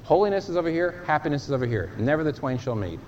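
A male preacher delivering a sermon with an emphatic, lively delivery, his pitch rising and falling widely. The recording is dull and lo-fi, with a faint hiss. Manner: emphatic, animated preaching with dramatic pauses.

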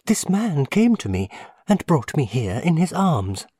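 A man's voice: fairly high pitch, sing-song, a little slow, dark tone, husky, no echo, clean studio sound, pitched above the performer's own voice, full character voice. A man voicing a small sleepy young boy who answers simply and innocently.

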